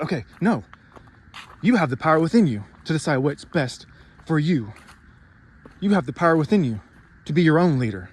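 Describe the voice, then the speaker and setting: A man with a somewhat high voice delivers a sarcastic, swearing motivational rant. He sounds worked up and speaks with defiant bluntness. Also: sing-song, normal speed, pauses often. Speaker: vlogger.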